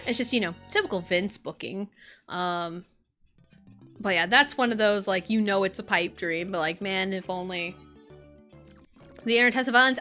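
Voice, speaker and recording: A woman's voice: mid-range voice, moderate pace, pauses often, pushed and bright, faint music behind. A woman streamer chatting casually while playing a video game, rambling between topics and breaking into swearing rants. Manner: rambling, swears a lot and rants in bursts of frustration. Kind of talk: casual live-stream chat while gaming.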